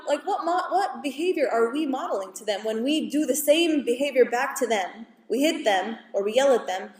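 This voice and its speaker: Far-off woman speaking in an echoey hall. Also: high-pitched. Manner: calm, explanatory, acts out quotes from kids and parents. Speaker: school psychologist. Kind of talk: parenting talk to an audience.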